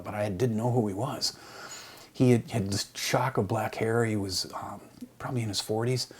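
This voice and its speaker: A man's voice: mid-range voice, a little mellow, breathy edge. A middle-aged man, a literature teacher, reads a poem aloud and then tells a personal story in a conversational way, bringing quoted speech to life.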